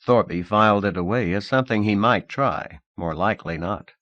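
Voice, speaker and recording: A man narrating a novel in a measured, expressive audiobook reading. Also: on the low side, no echo, highs cut off.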